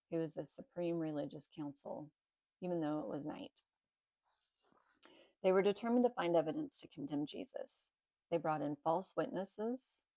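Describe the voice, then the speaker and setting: Low, gravelly woman storyteller. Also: no echo, poor audio. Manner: plain, steady reading with small slips. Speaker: narrator. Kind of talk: reading a Bible story aloud.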